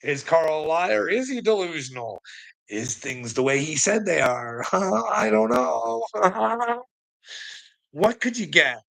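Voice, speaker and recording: A man's voice: high voice, big pitch swings, takes it slowly, gravelly, fairly bright tone, poor audio. A man ranting in a rambling monologue, mocking and profane, laughing often between lines. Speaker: vlogger.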